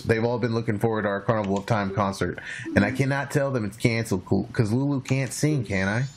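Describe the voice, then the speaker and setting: A man's voice: medium pitch, slight background noise, voice pushed down, lightly acted, poor audio. A man voicing a worried male fish-man band leader, reading the game's lines in an earnest, plodding way.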